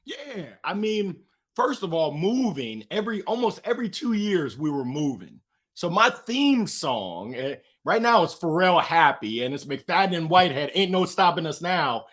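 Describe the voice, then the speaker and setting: A man guest talking in an energetic, preachy, slangy storytelling way in an interview. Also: fairly high pitch, moderate pace. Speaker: guest, author. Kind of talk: motivational interview talk.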